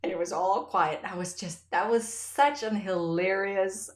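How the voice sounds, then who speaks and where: A woman podcast host chatting in an interview, effusive and telling stories with animated quoted voices. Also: mid-range voice, measured pace, roomy sound. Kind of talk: casual interview chat.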